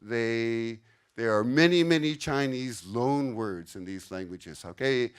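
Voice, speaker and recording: A man's voice: mid-range voice, takes it slowly, clean tone. An older man giving a casual, explanatory lecture to a live audience in a conference room, often checking in with "okay?". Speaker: conference speaker.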